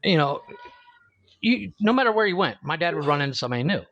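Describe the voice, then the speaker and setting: A man co-hosting a podcast in casual chat, swearing freely, laughing often and telling lively stories. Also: on the high side, quick pace, muffled recording. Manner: swears freely, laughs a lot, animated storytelling. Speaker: podcast co-host.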